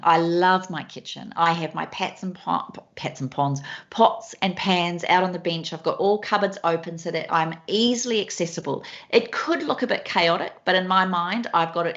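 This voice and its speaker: A woman is a guest on a podcast, talking in an enthusiastic, anecdotal way full of examples. Her voice sits fairly low. The recording has a dull, lo-fi quality. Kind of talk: storytelling in a podcast interview.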